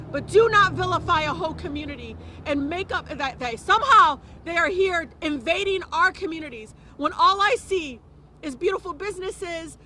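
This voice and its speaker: A woman with a high, bright voice gives a passionate press conference speech. She hammers her points home and repeats phrases for emphasis. Faint traffic hums behind her. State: close to tears at times. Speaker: politician speaking at a press conference.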